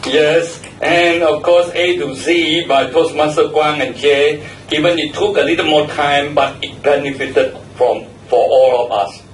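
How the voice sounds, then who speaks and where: A man's voice: fairly high pitch, steady tone, measured pace, few pauses, slight background noise. A man giving feedback at a speaking club meeting. He repeats words and spells some out letter by letter. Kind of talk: meeting evaluation speech. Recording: echoey room, mic far off.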